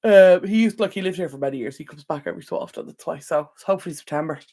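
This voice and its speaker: A woman's voice: on the low side, very fast, dark tone. An Irish woman hosting a casual live stream from home, chatting to viewers by name with lots of ums. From Ireland. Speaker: livestream host. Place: indoor home room near a window.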